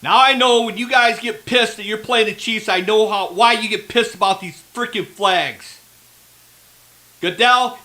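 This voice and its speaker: A man with a very high, bright voice reacting live to a football game. He rants angrily and swears heavily, heckling the referees over every call. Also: measured pace, low-quality recording. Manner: angry ranting, heavy swearing. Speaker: football fan.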